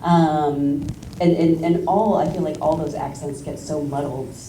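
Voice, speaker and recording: A woman's voice: low voice, fairly even intonation, mellow, slight background noise. A woman moderating an on-stage Q&A in a chatty, enthusiastic way. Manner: chatty, enthusiastic, quick to react. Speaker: interviewer, moderator. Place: festival stage before an audience. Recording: roomy hall, distant mic, audience audible.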